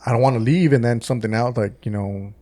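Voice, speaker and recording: A man's voice: mid-range voice, quick pace, mellow, no room sound. A man with a West Texas accent telling a story on a podcast, swearing often and using lots of "like" and "dude". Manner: swears often, acts out quotes with many "like" and "dude". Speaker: podcast co-host, former deputy. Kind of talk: casual storytelling chat.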